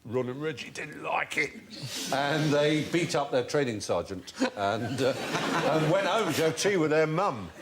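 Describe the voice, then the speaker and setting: A man hosting a comedy quiz show, telling an anecdote with animated relish. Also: a little high, a little slow, background noise. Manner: animated storyteller, relishing the tale.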